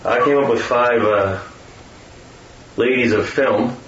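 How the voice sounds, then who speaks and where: A man with a medium-pitched voice talks slowly and casually in a sarcastic, rambling manner, frequently mimicking voices. He was recorded from a distance in a roomy space, so the audio sounds muffled, with faint noise.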